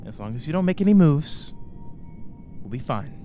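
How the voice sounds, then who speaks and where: A man's voice: a little high, big pitch swings, moderate pace, mellow, soft background music, voice pushed up. A man voicing a bitter, distrustful female reaper who speaks in a curt, guarded way.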